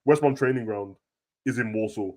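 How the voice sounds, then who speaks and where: A man's voice: fairly low pitch, moderate pace. A man chatting casually with slang and frequent laughs as co-host of a football talk show. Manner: slangy, animated, laughs often.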